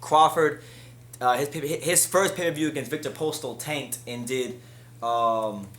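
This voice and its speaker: A man hosting a boxing news commentary, talking heatedly and climbing higher in pitch when he gets frustrated. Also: measured pace, fairly bright tone, echoey room. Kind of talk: solo commentary.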